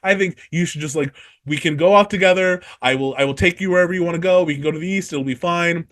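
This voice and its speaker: A man's voice: on the high side, fast, a bit bright, lightly acted. A man putting on a nervous pleading knight. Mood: anxious. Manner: anxious, pleading. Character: nervous loyal man pleading with his queen.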